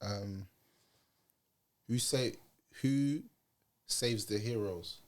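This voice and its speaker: A man from England hosting a casual podcast, telling stories with energy and dropping low and soft for serious points. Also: extremely slow. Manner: lively storyteller, drops to a soft low voice for wise points.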